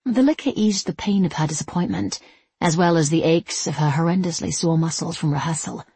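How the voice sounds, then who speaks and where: A woman narrating an audiobook in an even, measured storytelling voice. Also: sits low, slightly rough, no room sound.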